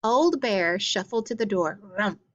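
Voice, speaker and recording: A woman reading a children's picture book aloud and pausing to explain things simply for young listeners. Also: mid-range voice, dull audio. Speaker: storyteller.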